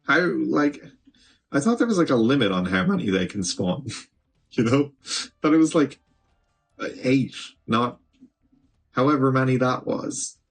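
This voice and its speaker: A man's voice: medium pitch, big pitch swings, measured pace, long pauses, soft background music. A man streaming gameplay, chatting casually and talking back to the game, with an occasional swear. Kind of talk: live gameplay commentary.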